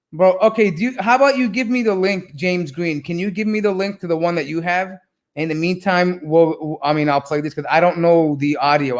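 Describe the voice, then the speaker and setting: A man hosting a live reaction stream, talking casually with a mocking, rambling manner and many fillers. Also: high voice. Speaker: reaction video host.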